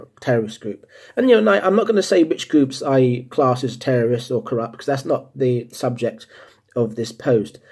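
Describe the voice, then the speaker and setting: A man from the United States, living in England, talking casually to the camera, often pausing with ums and restarting his sentences. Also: mid-range voice, warm tone, slightly rough. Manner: hesitant, many ums and restarts. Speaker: vlogger.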